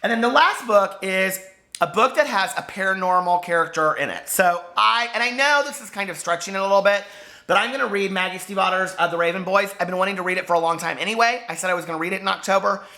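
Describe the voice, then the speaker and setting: A man chatting to camera as a book vlogger, gushing and full of fillers, hoarse from losing his voice. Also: high-pitched, quick pace, bright, forceful tone. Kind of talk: casual chat to camera.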